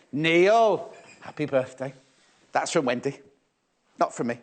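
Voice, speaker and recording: A man's voice: a little high, lively intonation, moderate pace, long pauses. A man presenting fabrics live on a shopping channel, chatty and teasing, often repeating prices and stock levels.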